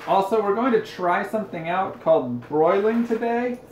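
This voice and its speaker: A man's voice: high-pitched, expressive, normal speed, background noise. A young man casually chatting while cooking on a livestream, telling rambling, self-deprecating stories. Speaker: streamer. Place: home kitchen. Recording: roomy, dull lo-fi stream audio.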